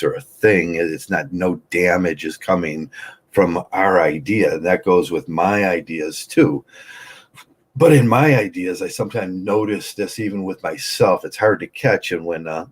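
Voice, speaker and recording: Husky deep-voiced man in his sixties. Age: 60s. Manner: rambling, argumentative, halting with many fillers. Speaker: vlogger. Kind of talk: casual unscripted monologue.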